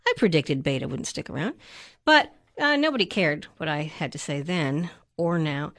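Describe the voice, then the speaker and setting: A woman's voice: sits low, expressive, moderate pace, a bit bright. A middle-aged woman co-hosting a casual chat, matter-of-fact and a bit insistent, with dry remarks.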